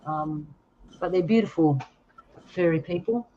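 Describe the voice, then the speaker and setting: Australian woman telling stories, lower voice. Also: measured pace, dull audio, slight background noise. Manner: laughing, storytelling, acts out quoted voices. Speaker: host. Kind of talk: casual chat showing photos.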